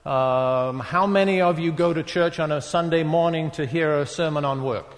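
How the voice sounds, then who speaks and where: Higher-voiced man with a northeast English accent. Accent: northeast English, softened by decades in the US. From northeast England. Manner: conversational, halting, with many fillers and self-deprecating asides. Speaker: guest speaker at a retreat. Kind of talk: interactive talk to a live audience. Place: large hall with an audience. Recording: long reverb of a large hall.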